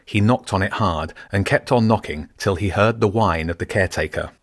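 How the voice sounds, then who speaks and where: A man reading a story aloud in steady, measured scripted narration. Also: fairly low pitch, no echo, studio quality. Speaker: audiobook narrator.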